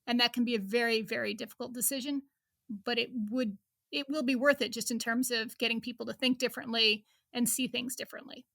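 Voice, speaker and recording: A woman's voice: fairly high pitch, fairly even intonation, brisk, gravelly, a bit bright, dry recording, clean studio sound. A woman in her fifties, a reporter chatting as an interview guest, laughing often and restarting her sentences. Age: 50s. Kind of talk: casual interview chat.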